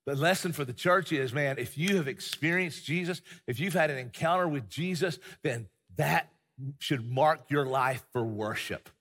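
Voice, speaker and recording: A man's voice: on the high side, normal speed, fairly bright tone, slightly rough, big-room sound. A middle-aged man preaching a sermon as pastor, chatty and full of fillers and restarts.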